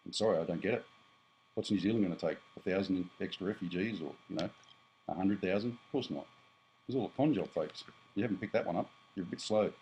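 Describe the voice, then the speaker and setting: A man's voice: deep voice, fast, darkish tone, slight background noise, poor audio. Blunt rambling Australian man in his fifties. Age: 50s. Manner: blunt, rambling, self-correcting. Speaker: prepper vlogger. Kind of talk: casual monologue to camera.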